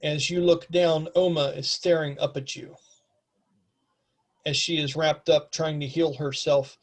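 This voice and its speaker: Higher-voiced male game master, um-laden. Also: level tone, unhurried. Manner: descriptive, with frequent ums. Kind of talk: narrating a tabletop game.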